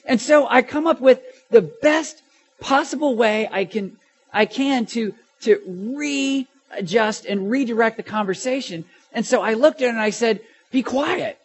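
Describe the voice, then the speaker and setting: A middle-aged man preaching a sermon, telling a personal story in an animated way that swings from loud to hushed, with stammers and restarts. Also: extremely high pitch, moderate pace. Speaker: pastor.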